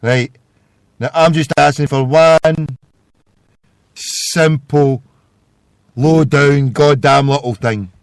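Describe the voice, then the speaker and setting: A Scottish man hosting a live internet radio show, swearing profusely and swinging between yelling and forced calm. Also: fairly high pitch, takes it slowly, pauses often, smooth, dry recording, clean studio sound. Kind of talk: live call-in show rant.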